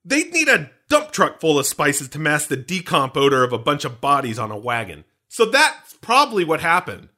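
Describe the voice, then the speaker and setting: A high, bright-voiced man hosts a podcast and rambles his way through jokes. His pitch swings widely as he slips into quick voice bits. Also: wildly swooping pitch. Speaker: podcast host. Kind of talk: comedic podcast banter.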